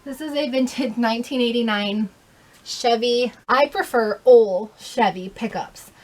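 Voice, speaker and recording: A woman's voice: a little high, unhurried. A young woman chatting casually in a haul vlog, rambling with fillers and correcting herself as she goes. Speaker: vlogger, thrift reseller.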